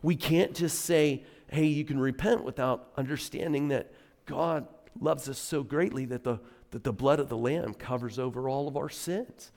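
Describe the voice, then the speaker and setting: A middle-aged male pastor delivers a sermon in an easy, storytelling way, punching certain words for emphasis. His voice sits at a middle pitch with a gravelly edge. The sound carries the long reverb of a church hall. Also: normal speed. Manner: conversational storytelling, animated emphasis. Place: church sanctuary.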